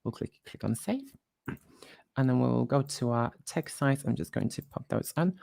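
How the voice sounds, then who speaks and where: A woman presenting a live software tutorial, talking while she clicks through screens and quickly corrects her own slips. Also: very deep voice, expressive, gravelly, no room sound, clean studio sound.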